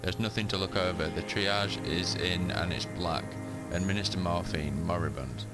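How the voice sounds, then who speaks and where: A man's voice: low-pitched, fairly even intonation, normal speed, close to an everyday voice. A man voicing a bitter, dying old male communist deserter, reading the game text plainly. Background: loud game music.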